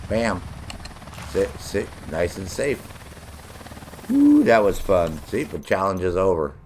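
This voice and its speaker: A brash middle-aged man streams a game, joking and cursing as he talks to his viewers. His voice sits on the low side, with a faint hiss of noise behind it. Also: wildly swooping pitch, slow, a little mellow. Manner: brash, profane, joking banter with chat. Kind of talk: live gameplay commentary.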